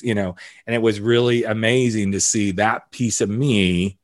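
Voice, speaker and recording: A man, a podcast guest, telling playful stories in a casual, animated way and swearing freely. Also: lowish voice, normal speed, few pauses, no room sound, clean studio sound. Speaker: podcast guest, author and coach. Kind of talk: casual storytelling.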